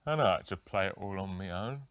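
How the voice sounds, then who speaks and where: An actor playing a childlike, confused male rock guitarist who talks in slow, muddled thoughts in a comedy sketch interview. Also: low-pitched, animated, fairly bright tone, clean tone, dry recording, clean studio sound.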